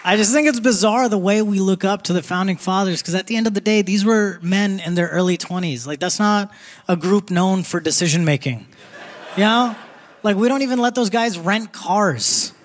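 Young male stand-up, high voice, live theater crowd murmuring in the back. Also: normal speed, in a large hall, slight background noise. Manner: conversational, punchy, laughing through jokes. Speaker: stand-up comedian. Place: theater stage before a live audience.

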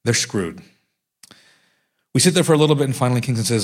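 A man's voice: medium pitch, animated, fast talker, pauses often. A man, the author, reading aloud from his own memoir in a wry storytelling manner.

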